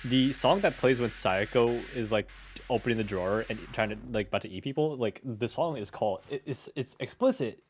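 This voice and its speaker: A young man commentates a game on a live stream, talking casually and rambling. He stammers through repeated words and mocks himself. His voice sits at an ordinary middle pitch, with faint music playing behind him. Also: a little fast. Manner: rambling, stammering, self-mocking.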